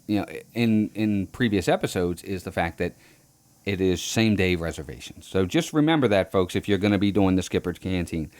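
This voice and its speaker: A man's voice: low-pitched, darkish tone. A man co-hosting a theme park podcast in casual chat, rambling and restarting his phrases. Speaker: podcast co-host.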